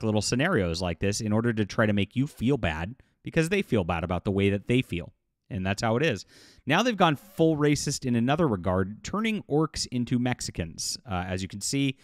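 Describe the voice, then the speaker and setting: A man talks straight to his audience in a loose, mocking commentary, scoffing and chuckling as he goes. His voice sits on the low side, and the sound is dry and close with no room around it. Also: sing-song, fairly quick, no echo. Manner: scornful, mocking, laughs often, many fillers. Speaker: YouTube commentator. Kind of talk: casual commentary vlog.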